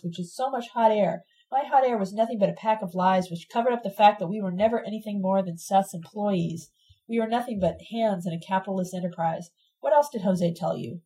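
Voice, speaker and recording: A woman's voice: medium pitch, dark tone, natural voice, low-quality recording. A woman voicing a furious, disillusioned young radical woman who talks in accusing, sarcastic bursts, in a read-aloud novel.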